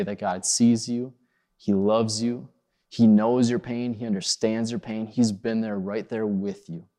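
Earnest preaching man in a reverberant hall. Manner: earnest, pleading, rises high on acted quotes then drops soft. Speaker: pastor. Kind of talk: sermon.

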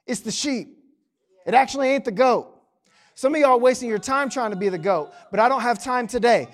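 Male pastor, very high voice, animated sermon delivery with playful asides. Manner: animated, joking asides to the congregation.

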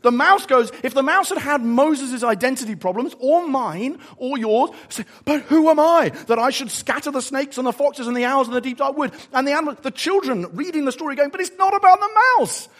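A man preaching a sermon, telling a story in an animated, emphatic way before closing in prayer. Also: extremely high pitch, fairly quick, hardly any pauses.

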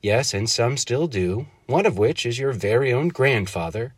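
A man doing a gentle, teasing dad. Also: medium pitch, lively intonation, moderate pace, slightly rough, no room sound, studio quality, pitched above the performer's own voice. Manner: warm fatherly tone, stern bursts when scaring the bird. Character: gentle teasing father of a young girl.

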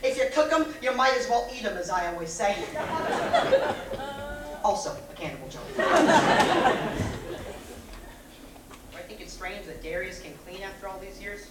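A woman's voice: mid-range voice, animated, fast, few pauses, a crowd in the background, lightly acted. A woman playing a wisecracking cannibal prisoner on death row, performing live on stage. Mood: gleeful. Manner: wisecracking, cackles at own jokes. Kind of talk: stage play acting. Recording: echoey stage recording from far off, noisy.

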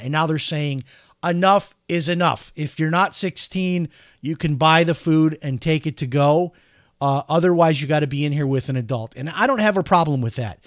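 Middle-aged man, casual commentary host, rambling with fillers, fairly high voice, dry close recording. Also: no room sound. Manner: chatty, rambling, lots of fillers and restarts. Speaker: show host.

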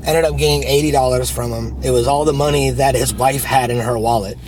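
A man co-hosting a casual podcast from inside a car, telling stories in an animated way and acting out the people in them. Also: mid-range voice, fairly quick. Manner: animated storyteller, acts out quoted people loudly. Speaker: podcast co-host. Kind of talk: casual chat. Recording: car interior with road noise.

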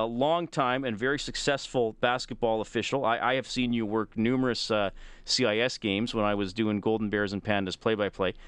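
A man's voice: lowish voice, a bit bright, smooth, no echo. Man hosting a sports radio show. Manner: conversational, with frequent restarts and filler. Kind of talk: radio sports talk and interview. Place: radio studio. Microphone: studio microphone.

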